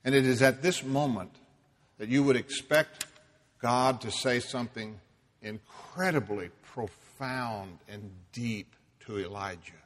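A man preaching a sermon, emphatic, dropping to a hush and rising loud for stress. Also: mid-range voice, long reverb tail. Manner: slow, emphatic, swings between hushed and loud.

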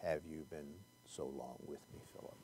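A man voicing a stern divine father rebuking a disciple, first deep and slow, then fast and insistent. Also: steady tone, gravelly, mellow, a little hiss or hum.

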